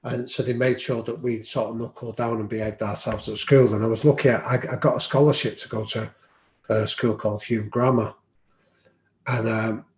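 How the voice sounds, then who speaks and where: A man's voice: medium pitch, darkish tone. Reflective man in a roomy room. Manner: reflective, anecdotal, frequent ums. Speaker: podcast guest. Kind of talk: storytelling in an interview. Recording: roomy echo.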